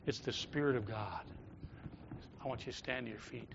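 A pastor preaching a sermon in a church, rising to loud calls and dropping to soft, prayerful tones. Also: male voice, mid-range voice, normal speed, gravelly, dull audio, background noise. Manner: swings from loud exhortation to soft intimate prayer. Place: church sanctuary.

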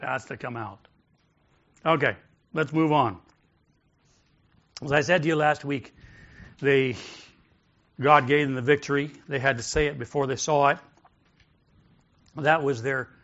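Preacher guy with a bright forceful voice, kinda high, congregation faint in the back. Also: lo-fi sound. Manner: builds from quiet coaching to loud shouted declarations. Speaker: pastor. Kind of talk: sermon with congregation call-and-response. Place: large church hall with congregation.

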